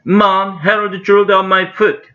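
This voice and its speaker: A man's voice: sits high, flat delivery, a little slow, sharp tone, highs cut off, pitched above the performer's own voice. A man with a Korean accent voicing a whiny, complaining boy in a storybook reading.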